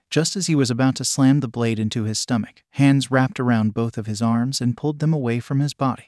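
A man narrating a fan-fiction story in an even, measured reading. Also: medium pitch, no echo, clean studio sound.

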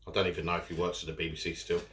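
A man's voice: low-pitched, completely flat delivery, rapid-fire, a bit bright, slight background noise. A man chatting casually while eating in a food vlog, rambling with his mouth full. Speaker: food vlogger. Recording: echoey room. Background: cutlery and dishes.

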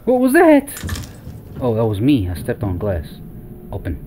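Young guy doing horror let's play, high voice that swings all over, yelps and chats to viewers, faint noise behind. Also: huge pitch swings, normal speed. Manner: jumpy, exclaiming, talks to viewers as Wolfpack. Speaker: gaming YouTuber.

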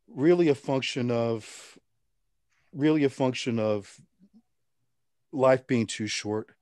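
Brief: middle-aged man, lowish voice, dry close sound, wry relaxed anecdotes. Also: no room sound. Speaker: interview guest. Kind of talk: casual storytelling interview.

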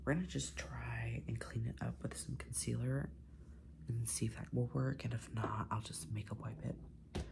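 A man's voice: medium pitch, fairly even intonation, normal speed, gravelly, darkish tone. A young man in his twenties whispering an ASMR vent while doing his makeup, chatty, swearing and full of "like". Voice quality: mostly unvoiced whisper. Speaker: ASMR creator.

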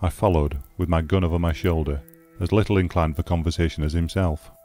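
Brief: male audiobook narrator, low dark tone, dry close sound, faint music under. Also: brisk. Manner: steady, grave storytelling. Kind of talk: scripted narration.

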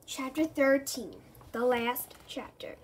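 A woman reading a children's book aloud in a lively, expressive way. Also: sits high, takes it slowly, a little hiss or hum, low-quality recording. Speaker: storybook reader.

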